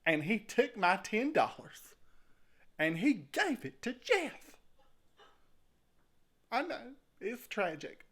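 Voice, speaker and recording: A man's voice: high voice, very animated, takes it slowly, long pauses, fairly bright tone, breathy edge, full character voice. A man playing a nervous, rambling servant who tells his tale in a comic skit. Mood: sheepish.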